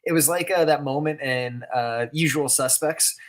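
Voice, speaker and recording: A man's voice: fairly high pitch, normal speed. Easygoing, chuckling male podcast co-host. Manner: easygoing, chuckling, loose and conversational. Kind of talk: casual reaction chat.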